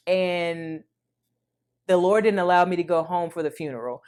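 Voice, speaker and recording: A woman in her thirties vlogging, telling an emotional personal story in a chatty, animated way and speaking to viewers as y'all. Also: deep voice, clean tone.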